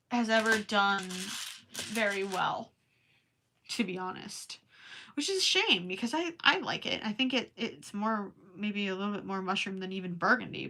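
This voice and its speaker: A young woman with a Minnesotan accent rambles to her viewers while she crochets late at night. Her voice is bright and forward but tired, and her talk is easy and chatty. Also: on the high side. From Minnesota, USA. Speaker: crochet livestreamer. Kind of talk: casual chat while crafting.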